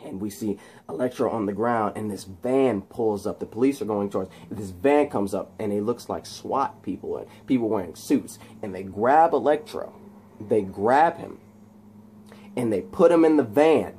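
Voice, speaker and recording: A man casually retelling a movie scene, excitedly and with lots of sound effects and fillers. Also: lowish voice, moderate pace, a little hiss or hum. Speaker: channel host.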